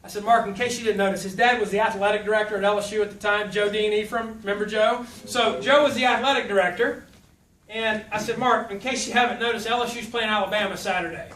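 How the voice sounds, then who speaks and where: A high, bright-voiced man with a drawl delivers a folksy, joking motivational talk. He is picked up from a distance in a reverberant hall, with a faint murmur of the room behind him. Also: steady tone, fast talker, slight background noise. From South Louisiana. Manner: folksy, humorous, puts on voices when quoting. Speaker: motivational speaker. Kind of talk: motivational speech with storytelling. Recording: echoey hall from far off.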